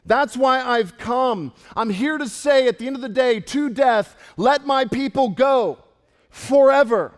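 Male pastor as Jesus: a commanding, proclaiming man, high-pitched, heard with long hall reverb. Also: measured pace. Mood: insistent. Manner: bold, proclaiming first-person declarations.

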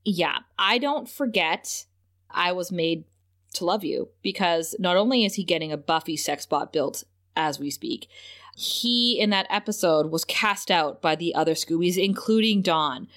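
A woman's voice: lowish voice, measured pace, fairly bright tone. A woman co-hosting a podcast, recapping a TV episode in casual chat. She laughs often and acts out characters' lines in playful voices. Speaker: podcast co-host.

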